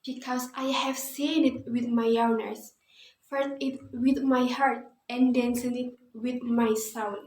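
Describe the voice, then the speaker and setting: A young woman with an Indonesian accent voicing a bold, mysterious wandering mystic man in a read-aloud story, declaring his lines loudly. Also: fairly high pitch, flat delivery, slow. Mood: calm mysterious. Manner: loud, forceful declarations. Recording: roomy echo.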